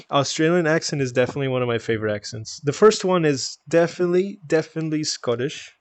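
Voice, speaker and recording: Canadian male streamer, chatty and loose, average pitch, close mic in a dead-dry room. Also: no room sound. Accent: Canadian (Toronto). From Toronto, Canada. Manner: chatty, rambling, laughs often. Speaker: live streamer. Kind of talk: casual stream chat, reading chat aloud.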